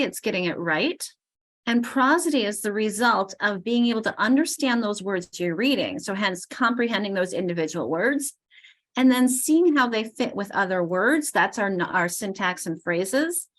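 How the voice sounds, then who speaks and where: A middle-aged woman leading a teacher training, explaining ideas as she goes with frequent restarts. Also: fairly high pitch. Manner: explanatory, thinks aloud with restarts. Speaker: literacy trainer.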